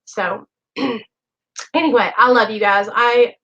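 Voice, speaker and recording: Woman hosting a stream, high voice, heartfelt and emotional, on dull lo-fi audio. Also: fairly even intonation, slow, fairly bright tone, slight background noise. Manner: emotional, earnest, keeps addressing viewers. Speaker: host of a recovery livestream. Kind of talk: heartfelt direct-to-camera talk. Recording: dull lo-fi recording.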